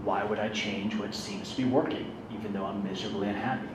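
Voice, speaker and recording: A man's voice: fairly low pitch, steady tone, fast talker. A man candidly telling a self-deprecating personal story about his recovery, in a casual, conversational way. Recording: roomy, distant mic, background noise.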